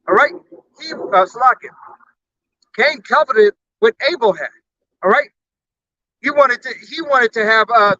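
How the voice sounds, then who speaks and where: Male street preacher, high sharp tense voice, blunt and profane, dull lo-fi sound. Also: no room sound. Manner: blunt, profane, punctuates with "all right?". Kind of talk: fiery sermon.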